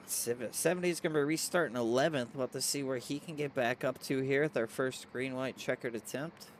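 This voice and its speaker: A man doing excitable play-by-play race commentary with hiccups, reading viewer chat aloud. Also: mid-range voice, brisk, slight background noise.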